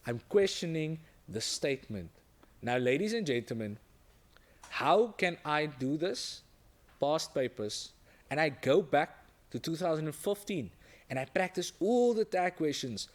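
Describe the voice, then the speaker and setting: A male teacher giving an exam-prep lesson, stressing key points and checking in with the class after every few sentences. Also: a little high. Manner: emphatic, repeats key points, checks in with "okay?" and "right?".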